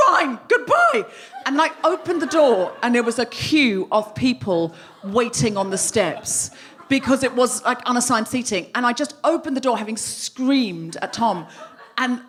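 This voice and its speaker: A woman's voice: on the high side, normal speed. A woman hosting a podcast in front of a live audience, telling a self-mocking comic story and acting out what people said. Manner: animated, self-mocking storytelling that acts out quotes. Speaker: podcast host. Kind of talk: live comedy monologue. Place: live venue stage.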